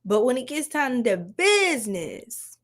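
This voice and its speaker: A woman's voice: a little high, big pitch swings, measured pace, a bit bright. A woman giving a casual livestream tarot reading, laughing often and chatting with viewers.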